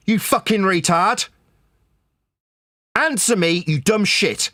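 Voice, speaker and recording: A man in a heated online debate, angrily mocking and shouting insults, repeating the same point. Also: sits high, takes it slowly, no room sound, clean studio sound. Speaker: debate caller.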